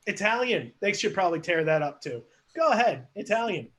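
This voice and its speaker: Upbeat male host narrating improv scenes, higher voice, casual and playful. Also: sing-song, fairly quick, fairly bright tone. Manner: chatty, laughing, asks the audience for suggestions. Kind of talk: live online improv narration.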